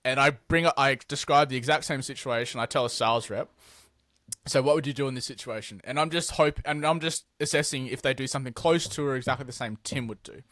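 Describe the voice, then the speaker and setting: A man's voice: medium pitch, quick pace, few pauses, no room sound, clean studio sound. A man, a business owner guest, telling blunt, sweary stories in a casual interview. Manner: blunt, sweary, animated storytelling.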